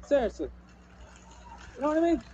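Male comic, high voice with a mellow tone, loose rambling stand-up delivery. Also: big pitch swings, moderate pace, dull audio, slight background noise. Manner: loose, rambling delivery full of "you know" and "man". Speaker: stand-up comedian. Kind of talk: stand-up routine.

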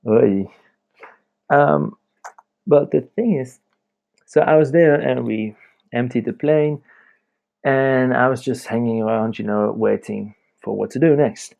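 A man's voice: mid-range voice, slow, creaky, pauses often, darkish tone, highs cut off. A young man hosting a casual late-night podcast from home, rambling and chatty, laughing often as he talks. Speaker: podcast host.

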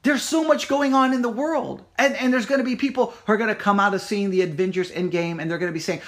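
A man giving a devotional sermon, earnest and searching, repeating his questions slowly. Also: sits high, fairly even intonation, fairly bright tone. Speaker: pastor.

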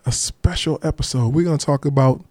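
A man's voice: fairly high pitch, fairly quick, darkish tone, dry recording. A man hosting a casual podcast, playful and laid-back, often repeating himself. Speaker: podcast host.

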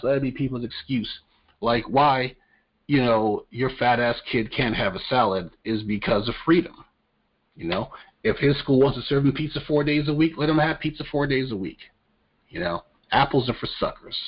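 A man hosting a podcast, talking casually about politics in a crude, profane, joking way. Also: medium pitch. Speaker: podcast host. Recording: dull lo-fi audio.

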